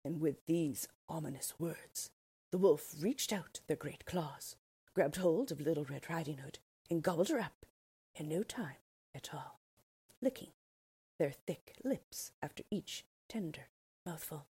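A woman narrating a storybook read-aloud expressively, dipping into soft whispers. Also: deep voice, lively intonation, a little slow, husky, no room sound.

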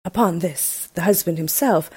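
A woman reading a fairy tale aloud, steady, with small slips. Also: on the low side, normal speed, husky, no room sound. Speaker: storyteller.

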